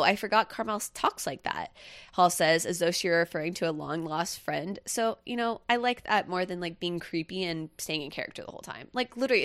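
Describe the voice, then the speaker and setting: Chatty woman podcast co-host, low voice. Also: a bit bright, clear, resonant tone, no echo, studio quality. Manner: chatty, rambling with many fillers. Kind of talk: casual chat.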